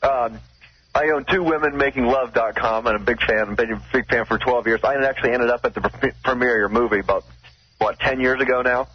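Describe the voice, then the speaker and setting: Fast husky guy calling in, lo-fi radio sound. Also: medium pitch. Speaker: caller. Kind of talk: phone-in chat. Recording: dull lo-fi radio audio.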